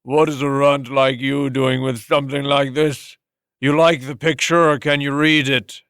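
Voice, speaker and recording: A man voicing a cruel, wheezing old slave master with a phlegmy, throaty voice, speaking slowly and menacingly. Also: medium pitch, flat delivery, a bit bright, clear, resonant tone, no room sound, studio quality. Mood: scornful.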